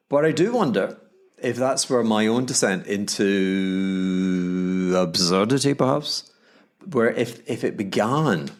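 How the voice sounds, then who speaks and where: A middle-aged Scottish man with a Glaswegian accent, hosting a solo podcast monologue in a theatrical way, his voice leaping high for emphasis. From Scotland. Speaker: podcast host. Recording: faint background music. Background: music playing underneath.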